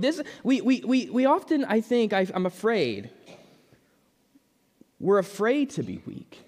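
A man's voice: sits high, huge pitch swings, a little slow, long pauses, darkish tone, long reverb tail. A man preaching a sermon, earnest, often repeating words, his voice rising when he pleads. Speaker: pastor.

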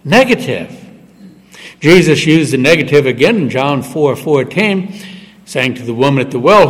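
In a church sanctuary, a man delivers a sermon in a somewhat high voice with wide pitch swings, rising sharply and emphatically on each quoted verse. His voice trails away in a long reverb.

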